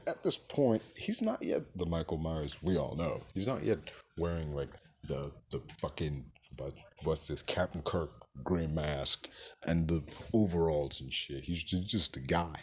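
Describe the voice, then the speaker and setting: Low-voiced with a touch of mellowness and a breathy edge, a movie reviewer wanders through his take on a film, profane and loaded with "like" and "you know."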